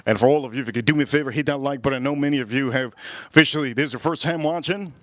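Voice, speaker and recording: A man's voice: mid-range voice, racing, dry recording. A middle-aged man hosting a live cooking stream, chatting loosely, swearing and repeating himself as he tells a story. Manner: rambling, profane, repeats himself. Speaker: cooking livestream host.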